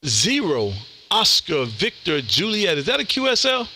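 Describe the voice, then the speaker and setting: A man's voice: high voice, wildly swooping pitch, unhurried, bright, forceful tone, no echo. A man, a ham radio operator chatting casually on air and calling CQ, laid-back and saying "man" a lot. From Texas. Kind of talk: casual radio chat and CQ calls.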